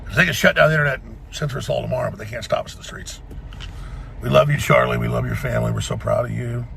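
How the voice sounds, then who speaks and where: A man with a strongly gravelly voice rallies his listeners at a rapid clip. His delivery is fiery and defiant, and his pitch leaps around with animated swings. A faint hum of background noise sits under him. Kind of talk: impassioned rallying speech.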